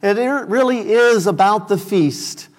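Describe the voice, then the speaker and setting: A man's voice: high voice, a little slow. A man preaching a sermon, explaining scripture and reading passages aloud with raised emphasis. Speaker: pastor.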